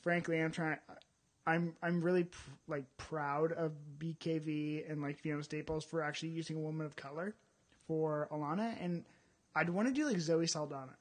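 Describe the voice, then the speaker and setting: A man co-hosting a casual podcast chat, talking in an animated way with quick asides. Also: a little high. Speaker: podcast co-host.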